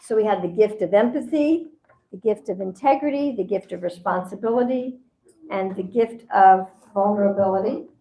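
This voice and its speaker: A woman's voice: medium pitch, moderate pace, warm tone. A woman teaching at a spiritual seminar in a conversational way, often acting out what people say. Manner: conversational, acts out quoted voices. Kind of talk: seminar talk. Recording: roomy echo.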